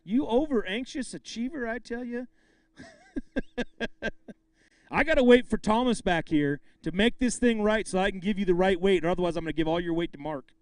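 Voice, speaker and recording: A man's voice: high-pitched, a little fast, no echo. A man emceeing a live fishing tournament weigh-in, bantering with anglers and calling out the weights with bursts of hype.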